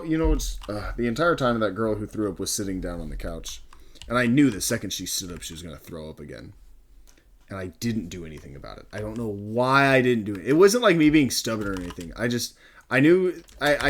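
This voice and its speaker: A young man telling a casual story about his store job in an exasperated, profane, rambling way. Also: on the low side.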